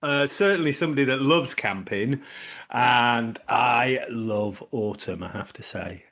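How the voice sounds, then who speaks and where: Male podcast co-host, teasing and loose, mid pitch, lots of ums and uhs. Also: a little slow, a bit bright. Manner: jokey, teasing, trails off with fillers. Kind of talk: casual chat.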